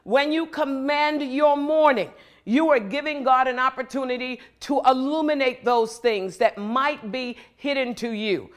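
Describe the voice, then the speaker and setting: A middle-aged woman delivers a motivational sermon with emphatic, rhythmic phrasing. Her voice sits fairly high for a woman, and she returns to key phrases again and again. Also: a little slow. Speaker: preacher.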